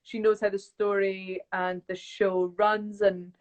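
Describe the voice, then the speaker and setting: Woman, young, casual live chat, animated storyteller, phone video call. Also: mid-range voice, takes it slowly. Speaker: actress guest.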